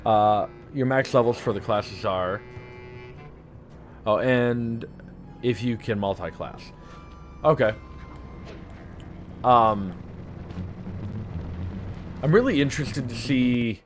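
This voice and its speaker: A man's voice: mid-range voice, takes it slowly, long pauses, faint music behind. A young adult man with a lisp chatting casually while streaming a game, rambling and joking with lots of filler words. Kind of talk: casual live-stream commentary.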